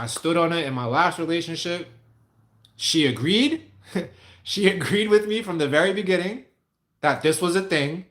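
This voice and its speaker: A man's voice: fairly high pitch, fairly bright tone. A man on a casual livestream answering viewer questions, rambling, candid and profane.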